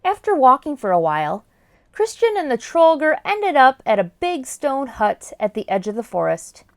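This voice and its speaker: Expressive woman reading a kids' book. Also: high-pitched, normal speed. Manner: expressive, storytelling. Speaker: story time host. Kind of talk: children's book read-aloud.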